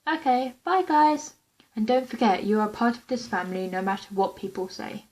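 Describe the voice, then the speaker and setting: A woman voicing a kind, fatherly young man in her own fan story, soft and caring. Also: mid-range voice, moderate pace, close to an everyday voice, low-quality recording. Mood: gentle.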